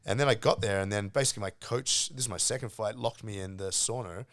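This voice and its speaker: A middle-aged man from South Africa, a podcast guest and martial arts coach, telling stories in a casual, animated way, swearing freely. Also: fairly low pitch, fast, no echo. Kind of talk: casual storytelling chat.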